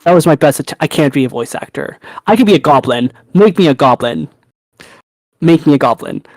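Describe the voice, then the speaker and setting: A young man co-hosting a podcast in casual chat, animated, laughing and swearing freely. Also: a little high, fairly quick, no room sound. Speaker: podcast co-host.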